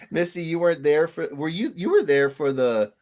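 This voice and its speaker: A man hosting a casual livestream, jokey and animated as he greets viewers. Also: a little high, measured pace. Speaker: host.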